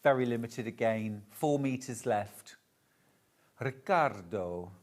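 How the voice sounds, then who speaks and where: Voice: mid-range voice, expressive, a little slow. A shopping channel presenter, chatting and gushing over fabrics during a live TV sale.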